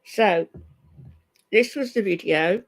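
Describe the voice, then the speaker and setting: A woman's voice: mid-range voice, slow, vocal fry, noisy background. A middle-aged woman hosting a casual live stream, chatty and greeting her viewers one by one by name. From from an Irish family. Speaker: commentary channel host.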